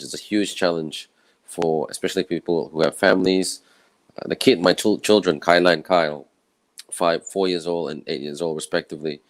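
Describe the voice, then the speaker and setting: Guy sounding croaky and tired, low voice, just chatting sincerely to his camera. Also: dry recording. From Malaysia. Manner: earnest, loose and conversational. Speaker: summit speaker. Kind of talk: personal talk to camera. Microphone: own camera setup with a clip mic.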